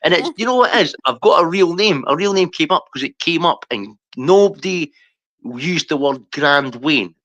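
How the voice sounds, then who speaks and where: A man's voice: fairly high pitch, expressive, moderate pace, fairly bright tone, dry recording, lo-fi sound. Scottish guy rambling off on tangents, swears a lot, dry close sound. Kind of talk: casual chat.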